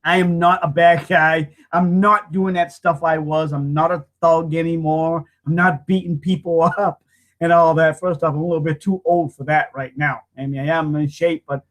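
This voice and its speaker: A man's voice: on the high side, fairly even intonation, moderate pace, fairly bright tone. A man in his fifties talking straight to his webcam, earnest and rambling, often repeating himself as he hosts a weekly online hangout. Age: 50s. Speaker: marketing hangout host. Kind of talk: casual heartfelt monologue.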